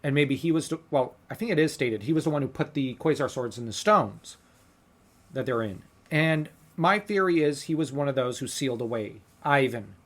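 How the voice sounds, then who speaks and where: A man's voice: medium pitch, normal speed, fairly bright tone. Earnest man breaking down a film scene. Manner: earnest, theorizing, talks through ideas at length. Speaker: podcast co-host. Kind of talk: casual fan analysis of a film scene.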